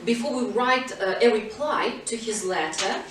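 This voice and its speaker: High-voiced woman teaching a class. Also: normal speed, very echoey, recorded from a distance, a crowd in the background, poor audio. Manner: prompting pupils, switching to Russian to explain. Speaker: English teacher. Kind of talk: classroom lesson. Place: school classroom.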